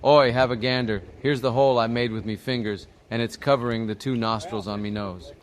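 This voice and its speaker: A smug schoolteacher sets riddles for his class, voiced by a man. The voice sits at an ordinary middle pitch and sounds pleased with itself. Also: steady tone, a little fast, a little hiss or hum, natural voice. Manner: smug, matter-of-fact.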